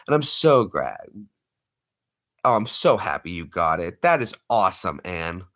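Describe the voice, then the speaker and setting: A man hosts a late-night livestream and chats easily with his viewers. He talks in a playful, joking way. His pitch moves a lot as he speaks. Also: fairly bright tone. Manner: playful, jokey, slips into put-on accents. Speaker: livestream host.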